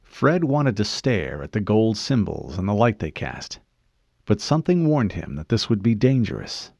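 A man narrating an audiobook in an expressive storytelling manner. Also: lowish voice, moderate pace, vocal fry, no echo, studio quality.

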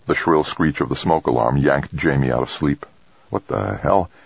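A man narrating a science fiction story in a steady, dramatic reading. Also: rumbling low, normal speed, husky, no echo. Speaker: audiobook narrator. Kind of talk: scripted narration. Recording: dull, dry close recording.

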